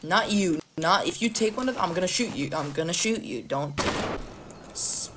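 A woman gamer talking over a voice chat, her lowish voice swinging widely as she jokes, taunts and swears at other players. Clear game noise sits behind her throughout. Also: lively intonation, normal speed. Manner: joking, trolling, swears a lot. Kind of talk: casual gaming voice chat.

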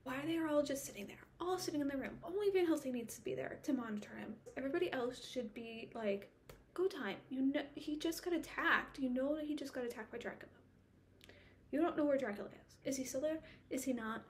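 A woman's voice: sits high, brisk, slight background noise. A woman recapping a classic horror novel in a casual vlog, ranting in exasperation with a string of rhetorical questions. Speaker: book vlogger.

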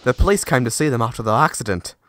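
A man's voice: medium pitch, lively intonation, quick pace, lightly acted. A man voicing Wilfred, a gleeful, gossipy engine. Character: gossipy, chortling male engine. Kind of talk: storybook character voice.

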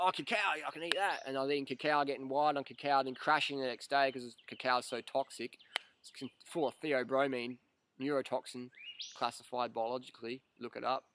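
Guy vlogging, chatty and animated, swears a lot, bit of faint hiss behind him. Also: medium pitch. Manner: animated, swearing, acts out quotes with laughs. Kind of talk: casual storytelling monologue.

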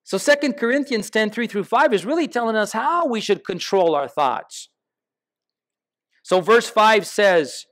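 Pastor, man with a high voice, preaching to his congregation in a church, emphatic and questioning. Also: normal speed, a bit bright. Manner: asks the congregation questions, builds emphatic lists. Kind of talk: sermon. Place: church sanctuary.

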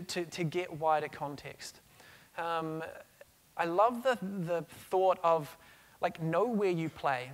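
A middle-aged man giving an energetic conference talk on stage, telling stories with frequent restarts. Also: on the high side. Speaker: conference speaker. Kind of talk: conference keynote.

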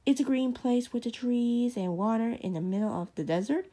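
A woman's voice: fairly high pitch, moderate pace, dark tone, natural voice. A woman reading a storybook aloud, voicing a helpful male servant giving directions.

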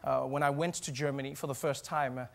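A man from South Africa performing a stand-up comedy set on stage, animated and acting out little voices. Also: medium pitch, fast, creaky. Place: theater stage before a live audience.

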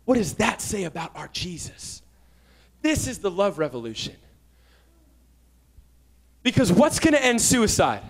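A young man giving a fervent sermon as a guest preacher, rising to shouts and dropping into quick asides. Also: sits high, very animated, breathy edge.

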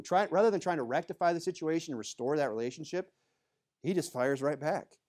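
A pastor preaching a sermon in a church, talking conversationally with many asides, moving between emphatic bursts and low, quiet remarks. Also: male voice, brisk. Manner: conversational, full of "you know" asides.

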